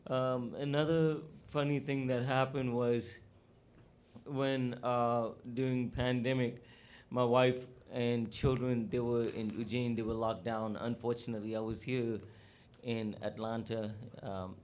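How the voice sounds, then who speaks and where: A man's voice: mid-range voice, steady tone, unhurried, a little mellow. Chatty man telling anecdotes. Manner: chatty, many fillers, acts out quoted dialogue. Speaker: disciple sharing memories. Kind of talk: casual storytelling talk. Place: cow sanctuary gathering in Florida.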